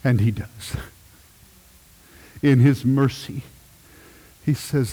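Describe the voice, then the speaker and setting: A middle-aged man, a pastor, preaching a sermon with emphatic swells and hushed moments. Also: mid-range voice, very slow, pauses often, big-room sound.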